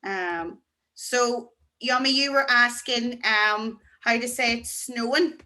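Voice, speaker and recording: Woman, teacher on a video call, bright tone, fairly high voice, encouraging. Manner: chatty, encouraging, slow deliberate pronunciation. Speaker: Irish language teacher. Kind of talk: online beginner class.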